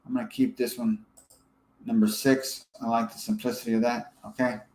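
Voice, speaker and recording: A man giving a casual screen-share software tutorial, thinking aloud as he edits and checking in with "okay?". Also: mid-range voice, level tone, normal speed, reverberant, rough recording. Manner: casual, thinks aloud while editing, frequent fillers and "okay?" check-ins. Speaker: software trainer.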